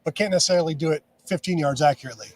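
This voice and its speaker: A man co-hosting a casual live sports stream, playfully pitching joke nicknames. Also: very fast. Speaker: co-host.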